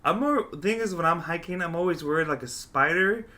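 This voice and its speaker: A young man hosts a podcast in a studio and chats casually, telling stories with lots of swearing. His voice is bright and forceful and sits a little high for a man. He gets loud and excited when he acts out scenes. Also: a little fast. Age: young adult. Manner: animated storyteller, swears freely, shouts when acting out scenes. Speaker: podcast host. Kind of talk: casual chat.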